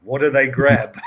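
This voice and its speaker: Man, co-host, analytical, laughs a lot, medium pitch. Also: a bit bright, lo-fi sound, a little hiss or hum. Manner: thoughtful, analytical, laughs often. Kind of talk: casual chat about tabletop games.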